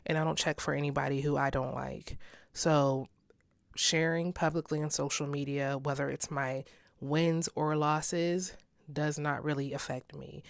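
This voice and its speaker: A woman's voice: low voice, dry recording, clean studio sound. A young woman hosting a solo podcast, talking candidly in a casual way and laughing often. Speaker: podcast host.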